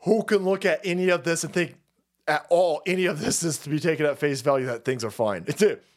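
A man's voice: fairly high pitch, fairly quick. A man in his forties ranting sarcastically on a political livestream, profane and mocking. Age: 40s.

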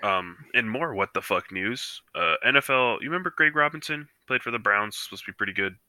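A man with a very low voice and a strikingly bright, forceful tone, chatting loosely on a podcast. He rambles through stories with plenty of fillers and slips into the voices of the people he quotes. The sound is dry and close. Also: lively intonation, a little fast, dry recording. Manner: rambling storyteller with many fillers, acts out quotes. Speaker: podcast co-host. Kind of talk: casual chat. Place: living room couch.

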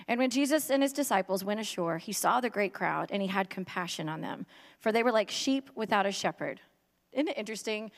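Chatty high-voiced woman preaching in a hall. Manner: chatty and joking, many filler words. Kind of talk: humorous casual sermon.

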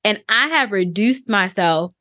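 Thirties woman on a podcast, reflective, lots of "like"s, mid-pitch voice, dry close sound. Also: lively intonation, sharp tone, no room sound. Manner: reflective, halting, with many fillers. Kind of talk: personal storytelling on a podcast.

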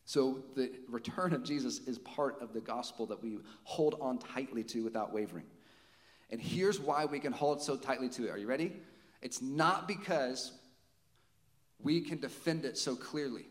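A pastor delivers a conversational sermon in a reverberant hall, posing rhetorical questions as he preaches. His medium-pitched voice moves at a normal speed.

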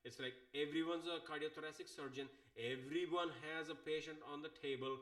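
A man, hosting his own show and telling an annoyed, profane story in a casual way. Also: on the high side. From India. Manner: exasperated, profane, animated. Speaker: podcast host.

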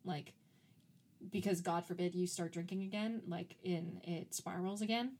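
Speaking at a moderate pace with fairly even intonation, a podcast co-host with a low, slightly mellow female voice keeps things chatty. She fills her talk with "like" and laughs readily.

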